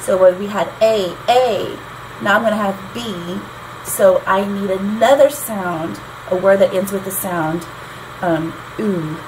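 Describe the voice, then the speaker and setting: A woman teaches songwriting in an easygoing, explanatory way, often tapping out the beat of a line aloud. Her voice sits at a middling pitch. A steady hiss of background noise runs under the recording. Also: a little slow. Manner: chatty, tapping out rhythms aloud. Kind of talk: explanatory lesson.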